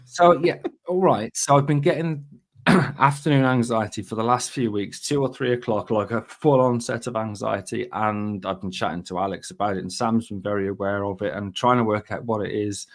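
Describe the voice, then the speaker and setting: A man's voice: on the low side, normal speed. Dry self-mocking podcast man. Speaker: podcast co-host. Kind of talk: casual podcast chat.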